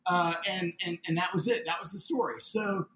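Man, high bright voice, lively storyteller acting out the dialogue; roomy sound, faint ambience. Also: moderate pace. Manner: animated, acts out quoted dialogue. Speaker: interview guest, building owner. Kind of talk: casual spoken storytelling.

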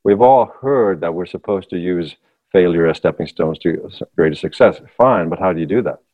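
A man talking as a voice coach in a podcast conversation, explaining with animated, lively demonstrations. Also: low-pitched, moderate pace, narrow, tinny audio.

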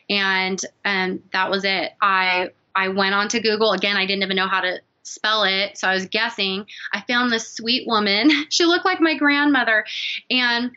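A woman with a bright, forward voice shares her personal story as a guest, earnest and confiding. The sound is dull and lo-fi. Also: mid-range voice. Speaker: podcast guest.

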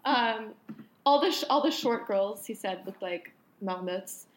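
A woman's voice: mid-range voice, expressive, unhurried, rough recording. A young adult woman telling stories animatedly in a casual podcast chat, with heavy use of "like". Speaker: podcast co-host and ballet dancer.

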